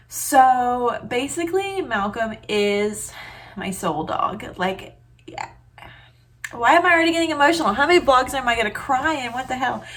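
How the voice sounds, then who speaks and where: A woman's voice: mid-range voice, a bit bright. Chatty woman in her twenties. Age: 20s. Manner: chatty, filler-heavy, emotional storytelling. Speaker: vlogger. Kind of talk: casual vlog chat. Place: home kitchen. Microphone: camera on tripod.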